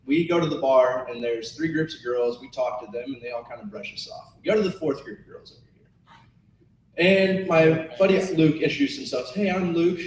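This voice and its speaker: A young man in his twenties talking casually and laughing at himself. His voice sits in an even middle range and comes from away from the mic, in a roomy space with a faint hum behind it. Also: medium pitch, fairly quick. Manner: laughing, self-mocking. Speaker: tailgate organizer. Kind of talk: casual meeting chat and storytelling. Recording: roomy room from far off.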